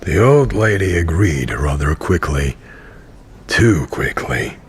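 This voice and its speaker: A man's voice: very deep voice, big pitch swings, a little hiss or hum, heavily acted. A man narrating an audio drama as a tired, cynical wandering pilgrim. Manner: dry, tired, slow narration. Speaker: narrator and main character.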